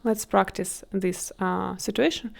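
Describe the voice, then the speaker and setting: Slow, patient woman. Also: medium pitch, fairly even intonation, creaky. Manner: patient, spells words out syllable by syllable. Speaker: Russian language tutor. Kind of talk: slow language lesson.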